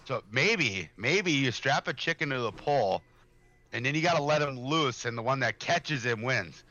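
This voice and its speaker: Man, podcast co-host, joking, lively pitch, bright tone. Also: lo-fi sound. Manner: lively, joking, quick to laugh. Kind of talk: casual chat.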